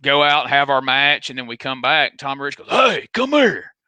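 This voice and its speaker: Man, casual animated storytelling, sharp bright tone, dry close mic. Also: mid-range voice, smooth, no echo. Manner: animated and quick, acts out voices. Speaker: podcast host and wrestler.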